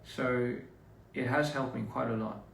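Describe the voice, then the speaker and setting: A young man chatting casually with viewers on a livestream, relaxed and halting, with lots of fillers and restarts. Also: mid-range voice, vocal fry. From Australia. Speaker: livestream host. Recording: roomy echo, distant mic, faint noise.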